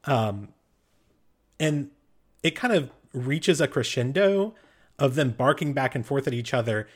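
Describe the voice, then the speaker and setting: A man's voice: medium pitch, animated, measured pace, breathy edge. A man as game master, narrating a tabletop game in a loose, improvised way.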